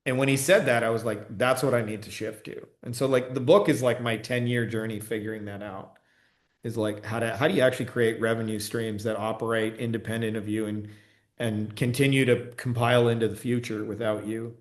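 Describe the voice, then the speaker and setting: A man's voice: mid-range voice, steady tone, fairly quick. Casual profane man in an echoey room. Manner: casual, profane, full of "like" fillers. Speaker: online business coach. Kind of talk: casual livestream talk answering comments. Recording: roomy echo.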